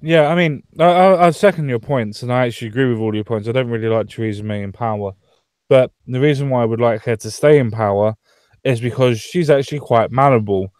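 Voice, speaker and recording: A man's voice: medium pitch, fairly quick, darkish tone, smooth, dry recording. A man from Britain hosting a casual political chat online, swearing freely and laughing often. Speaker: podcast host.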